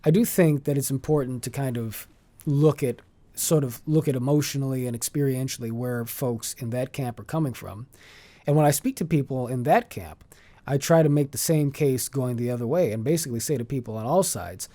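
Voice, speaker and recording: A man speaking as a podcast guest, measured and articulate in long flowing sentences, now and then restarting a phrase as he searches for words. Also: medium pitch, warm tone. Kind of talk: conversational interview.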